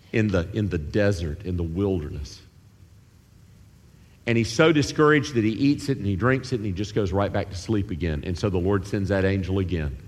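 A man preaching a sermon, animated and acting out the voices of biblical figures. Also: lowish voice. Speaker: pastor. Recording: long hall reverb.

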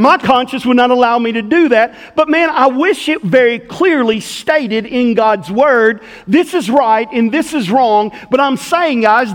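High-voiced pastor preaching a sermon. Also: male voice, fairly bright tone, big-room sound. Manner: folksy storytelling, conversational.

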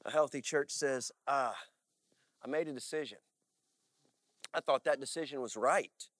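A male pastor preaching a sermon, telling stories in an animated way and often checking in with "all right?". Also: medium pitch, measured pace, dry recording, clean studio sound. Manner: animated storytelling with frequent "all right?" asides.

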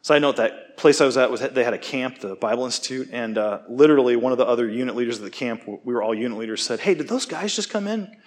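A man's voice: medium pitch, fairly even intonation, fast, few pauses. Man preaching a casual, chatty sermon. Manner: casual, self-deprecating, asks "okay?" often. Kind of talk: conversational sermon.

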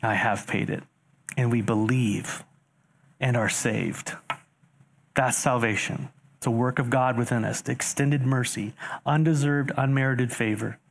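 Animated male pastor preaching. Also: medium pitch, unhurried, vocal fry, a little hiss or hum. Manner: animated, rising sharply for emphasis and rhetorical questions; addresses congregation directly. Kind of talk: sermon reading and explaining scripture.

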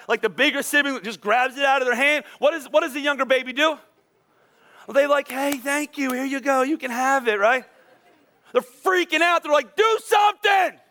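A man in his forties preaching a sermon to his congregation, throwing questions at them and acting out children's outbursts. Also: high voice. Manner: animated, acts out kids' outbursts; talks to the congregation, asks questions. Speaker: pastor.

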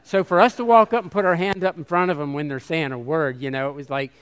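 A man's voice: fairly high pitch, fairly even intonation, quick pace, smooth. A man, a missionary, gives a conference talk to a live audience, quizzing them and sounding out syllables like a teacher. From United States. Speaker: missionary speaker.

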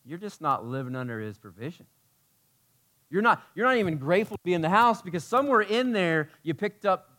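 A man preaching a sermon in a casual, conversational way, dropping to hushed tones and rising to near shouts with passion. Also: on the high side. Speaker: pastor.

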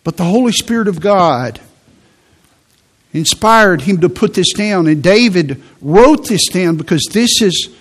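A man preaching a sermon in a conversational way, repeating words and slowing down for emphasis. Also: high voice. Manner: conversational preaching with repetitions and slow emphatic phrases. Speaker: pastor.

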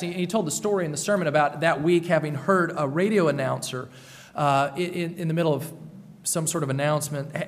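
A man preaches a sermon with earnest conviction, circling back to repeat his key phrases. His voice sits a little high for a man. The sound carries the long reverb of a church sanctuary. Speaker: pastor.

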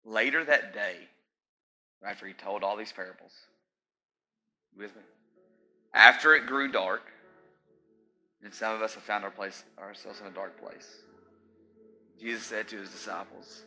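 A man preaching a sermon in a conversational, animated way, mixing scripture with casual asides. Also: fairly low pitch, unhurried, long pauses, faint music behind, poor audio.

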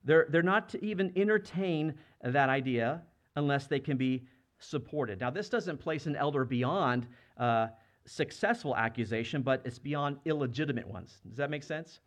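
A man's voice: fairly high pitch, moderate pace. A man in his thirties or younger preaching a sermon, earnest and conversational, often asking the congregation questions. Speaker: pastor.

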